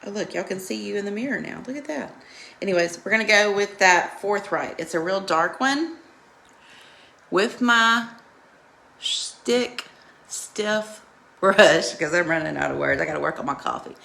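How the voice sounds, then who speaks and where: A woman's voice: mid-range voice, measured pace, gravelly, bright, forceful tone. A woman hosting a live makeup tutorial, chatting and greeting viewers by name while coaching them through each step in a reassuring way.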